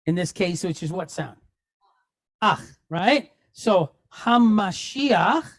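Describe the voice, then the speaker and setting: Slow, patient woman teaching a class. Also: fairly low pitch, lively intonation. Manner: quizzes the class, tags lines with "right?"; patient, spells sounds out step by step. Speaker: Hebrew teacher. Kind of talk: classroom lesson.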